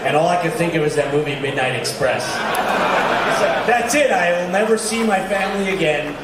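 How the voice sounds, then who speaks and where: Animated New man telling a story. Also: fairly high pitch, normal speed. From New York. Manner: animated, swearing, acting out quotes. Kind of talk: telling an anecdote. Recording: echoey, distant, with crowd noise.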